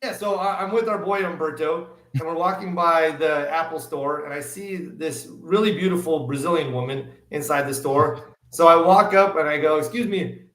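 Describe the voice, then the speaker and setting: Animated man telling stories in an echoey room. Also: on the high side, moderate pace, few pauses. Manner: animated storyteller, acts out dialogue. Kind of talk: casual podcast chat.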